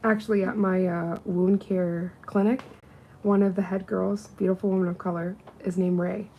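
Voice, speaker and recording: A woman's voice: medium pitch, moderate pace, highs cut off, slight background noise. A woman doing nails and chatting casually on a livestream while she works. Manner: chatty, with lively quoted voices. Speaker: nail technician.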